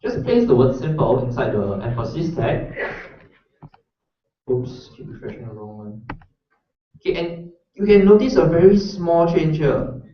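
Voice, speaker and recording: A man's voice: fairly high pitch, measured pace, pauses often, a little hiss or hum. A man teaches a live coding workshop, talking in a loose, chatty way and often checking that his listeners follow. His voice rings through a very echoey room and sounds far from the mic. The recording is dull and lo-fi. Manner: casual, chatty, checks in with the audience. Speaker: workshop instructor. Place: lecture room. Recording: roomy echo, distant mic, dull lo-fi sound.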